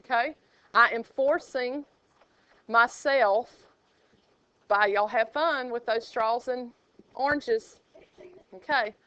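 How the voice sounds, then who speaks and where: A woman's voice: fairly high pitch, slow pace, long pauses, bright, forceful tone, dry recording. A woman teaching a math class, chatty and playful with sing-song asides. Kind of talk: classroom lecture. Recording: dull lo-fi classroom recording.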